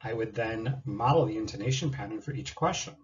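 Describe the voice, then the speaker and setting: Man, teacher, measured explanatory delivery, scripted lesson presentation, slightly dull recording. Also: fairly low pitch, slight background noise. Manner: measured, explanatory, models question intonation aloud.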